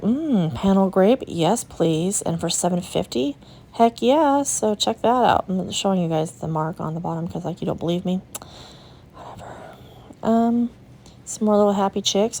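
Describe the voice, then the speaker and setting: A young adult woman vlogger with a slightly low voice, chatting casually as she walks and shows things off. She gushes to her viewers, friendly and talkative. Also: fairly quick, vocal fry, darkish tone. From United States. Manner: chatty and gushing, talks to viewers. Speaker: vlogger and resale booth owner. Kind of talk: casual vlog chat while walking a shop.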